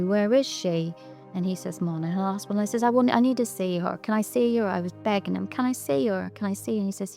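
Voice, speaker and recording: Speaking as an interview guest, a middle-aged Irish woman recounts a painful personal story, quoting dialogue, her words sometimes raw and urgent. Her voice is lowish and dark, with vocal fry.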